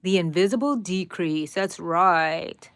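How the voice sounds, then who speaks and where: A middle-aged woman with a drawl chats through a crochet tutorial on a livestream. She talks slowly and counts her stitches aloud, greeting viewers as they come in. The sound is close and dry, with no room echo. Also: on the low side, a bit bright. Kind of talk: casual livestream tutorial chat.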